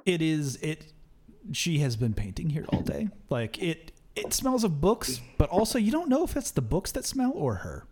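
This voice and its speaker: A man's voice: a little high, wildly swooping pitch, normal speed, a little mellow, a little hiss or hum. A man narrating as game master in a tabletop game, chatty with loose restarts.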